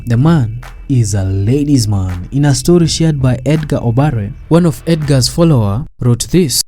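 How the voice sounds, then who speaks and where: A man's voice: medium pitch, expressive, moderate pace, warm tone, faint music behind. A man reading a scripted commentary voice-over in a wry, dramatic storytelling manner. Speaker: narrator.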